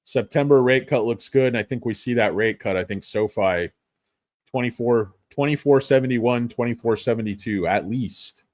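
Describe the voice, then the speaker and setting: A man's voice: medium pitch, normal speed, darkish tone, no room sound, clean studio sound. A middle-aged man talking stocks on a casual livestream, rambling, swearing often and mocking himself. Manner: rambling, profane, self-mocking. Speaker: stock market streamer.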